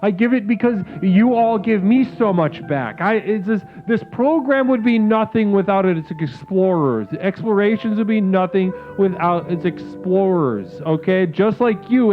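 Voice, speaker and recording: A man's voice: sits high, lively intonation, normal speed, hardly any pauses. A man hosting a call-in show in a grandiose, mock-spiritual manner, swearing freely. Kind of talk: mock-guru call-in talk. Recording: phone-like lo-fi sound with music. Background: music.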